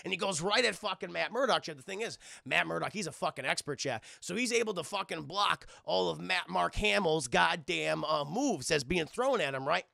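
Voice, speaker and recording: A man's voice: high voice, expressive, moderate pace, creaky, hardly any pauses, bright, forceful tone, no room sound, studio quality. A male streamer rambling through a profane, casual recap of an anime episode for his live chat.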